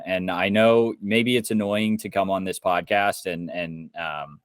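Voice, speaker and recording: A man's voice: deep voice, dry recording, studio quality. A young man from Indiana, co-hosting a podcast, ranting heatedly and swearing a lot. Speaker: podcast co-host. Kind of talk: casual podcast chat.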